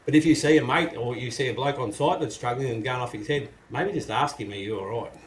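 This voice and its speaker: A man's voice: mid-range voice, brisk. A middle-aged Australian man, a carpenter and business owner, talking frankly and casually as an interview guest. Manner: blokey, frank, acts out what people say in a gruff voice. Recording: echoey room with faint noise.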